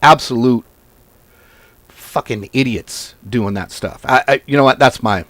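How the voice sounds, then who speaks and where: Speaking a bit slowly at medium pitch, this forex trading host rants casually to camera in a dry recording. He's blunt and profane, an animated storyteller prone to tangents.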